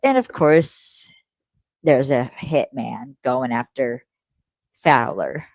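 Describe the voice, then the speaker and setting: A woman's voice: very deep voice, slow, darkish tone, no echo. A young adult woman hosting a podcast, recapping an episode in a rambling, casual way, swearing freely and correcting herself as she goes. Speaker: podcast host.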